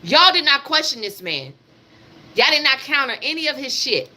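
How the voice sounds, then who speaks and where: Brief: woman livestream host, high and bright, blunt and emphatic political rant, repeats herself, swears, speaks straight to viewers. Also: very animated, normal speed. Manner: addresses her audience directly. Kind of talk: live political commentary rant.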